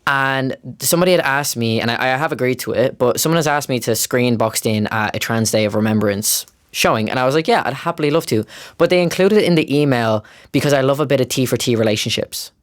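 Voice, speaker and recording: A young man in his early twenties from Ireland, hosting a podcast in a casual, chatty way with quick laughing asides. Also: medium pitch. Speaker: podcast host. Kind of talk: casual chat.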